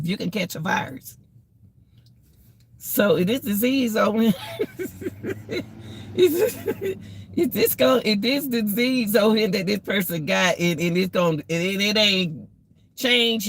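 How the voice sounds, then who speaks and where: Preachy woman with a gravelly voice. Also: medium pitch, moderate pace. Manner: preachy, repetitive, emotional. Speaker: vlogger. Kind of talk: casual life-advice talk.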